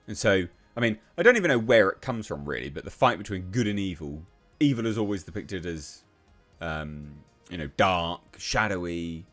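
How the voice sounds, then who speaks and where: A man's voice: low-pitched, lively intonation, normal speed, fairly bright tone, soft background music. An English man giving ranting commentary on a news article, reading passages aloud and then reacting with blunt, profane scorn. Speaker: online commentator.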